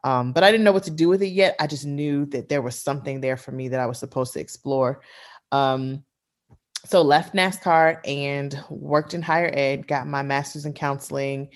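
A woman's voice: very deep voice, normal speed. A woman in her thirties from the Washington, D.C. area, a guest in an interview, slightly out of breath and candid, laughing easily. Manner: candid, laughs often, zigzagging sentences with fillers. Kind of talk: conversational interview.

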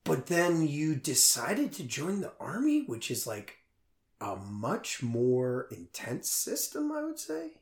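A man's voice: a little high, huge pitch swings, slow pace. A man interviewing a guest in a casual chat, asking dry, probing questions. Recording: roomy echo.

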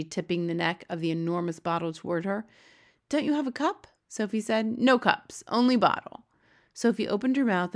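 A woman narrating a children's storybook aloud in a steady, expressive read-aloud manner. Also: lowish voice. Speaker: audiobook reader.

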